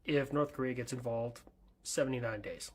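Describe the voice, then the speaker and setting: A man's voice: medium pitch, normal speed, a little mellow, breathy edge, natural voice. A man voicing a brash, cocky personified fighter jet in a comedy skit, talking in a boastful drawl.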